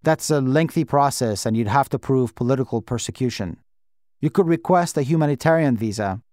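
A man voicing a frank, businesslike immigration lawyer who lays out options in a steady, matter-of-fact way. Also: mid-range voice, a little fast, no echo, clean studio sound, natural voice.

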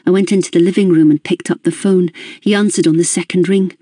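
An audiobook narrator giving a measured, introspective first-person reading of a novel. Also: medium pitch, fairly even intonation, dark tone, no echo, studio quality.

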